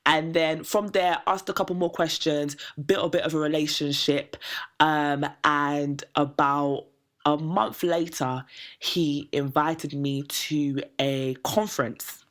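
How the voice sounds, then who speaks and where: A woman tells a story on a podcast, with a low-pitched voice. She talks in relaxed, casual chat and acts out the people she quotes with lively energy. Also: slow pace. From Nigerian heritage, raised in Britain. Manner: animated, acts out quoted people, laughs often. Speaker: podcast co-host telling a story. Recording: podcast mic, loud laughter.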